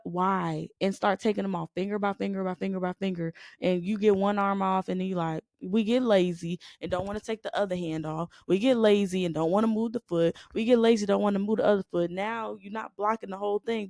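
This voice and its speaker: A woman co-hosting a faith podcast. She preaches conversationally, driving each point home through repetition and rhetorical questions. She has a gravelly edge, a middling pitch and a dry, close recording. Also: darkish tone, no room sound. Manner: emphatic, repeats "you know what I'm saying". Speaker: podcast co-host.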